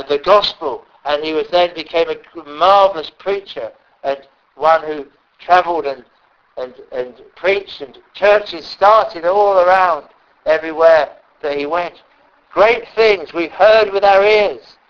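A man preaching a sermon, often pausing and repeating words as he stresses a point. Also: sits high. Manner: halting, repeats words, emphatic. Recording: dull lo-fi recording.

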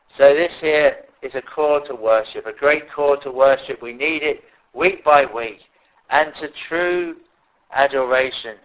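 A man preaching a sermon in an earnest way, rising to loud pleading calls at times. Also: mid-range voice, fairly even intonation, moderate pace, muffled recording.

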